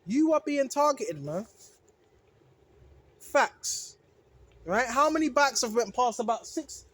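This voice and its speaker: A religious video maker preaching casually to viewers, repeating phrases for emphasis, restarting sentences and often asking "right?". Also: sits high. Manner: self-correcting, restarts phrases.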